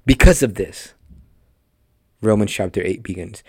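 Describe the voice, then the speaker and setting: A man's voice: lowish voice, measured pace, darkish tone, no echo, studio quality. A man teaching a conversational sermon on a podcast, emphatic and speaking straight to his listeners. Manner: emphatic, talks directly to listeners. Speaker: podcast preacher.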